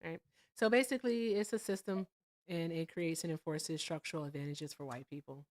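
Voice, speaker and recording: A woman hosting a live debate stream, speaking directly and explaining in measured terms. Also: low voice, darkish tone. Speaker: host.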